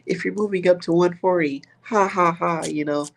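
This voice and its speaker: A man's voice: high voice, fairly even intonation, moderate pace, creaky, voice pushed up. A man putting on a mocking impression of a smug male boxing pundit who chuckles through his words.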